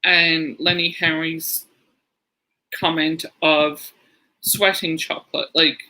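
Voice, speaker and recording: A man's voice: a little high, level tone, takes it slowly, pushed and bright, poor audio. A man co-hosting a podcast, rambling through anecdotes in casual chat and laughing as he goes. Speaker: podcast co-host.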